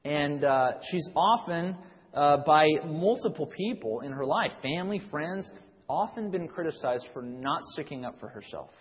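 A man's voice: on the high side, lively intonation, moderate pace. A young adult man preaching a sermon, talking conversationally with frequent restarts and reading scripture with rising emphasis. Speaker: pastor. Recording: dull sound with long reverb in a hall.

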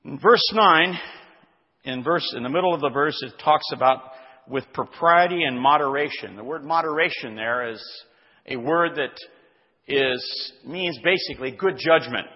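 A man with a slightly high voice preaches a careful verse-by-verse sermon, reading passages and then explaining them. The recording is dull and lo-fi, with a long reverb trailing off each phrase as if in a large hall. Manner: deliberate teaching, reading scripture aloud and explaining words. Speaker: pastor. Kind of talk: expository sermon.

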